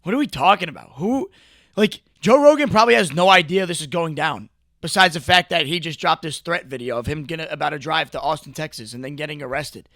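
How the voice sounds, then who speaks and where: A young man giving casual, mocking reaction commentary, riffing excitably with lots of "like" and "bro". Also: on the high side, brisk, no room sound, studio quality. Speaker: commentary video host.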